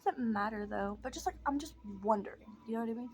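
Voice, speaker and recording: Young woman vlogger, a touch high-pitched, loose rambling makeup chat that keeps drifting and making fun of itself. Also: quick pace, a little mellow, slight background noise. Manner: rambling, self-mocking, drifting off topic. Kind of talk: casual chat while doing makeup.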